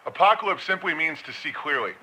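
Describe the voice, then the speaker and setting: A man's voice: fairly high pitch, lively intonation, fast talker, sharp tone, slightly rough, rough recording. A man giving a casual, rambling commentary monologue, slipping into mocking impressions.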